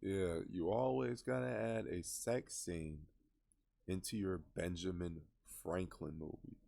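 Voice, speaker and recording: A man with a deep, gravelly voice gives casual reaction commentary on a trailer. He sounds scoffing and exasperated. The talk is loose and unscripted. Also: slow pace, mellow.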